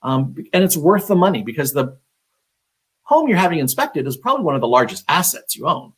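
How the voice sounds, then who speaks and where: Man, husky voice, slightly high pitch, real estate agent, chatty live-stream advice, lots of ums. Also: sing-song, a little fast. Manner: conversational, many fillers and restarts.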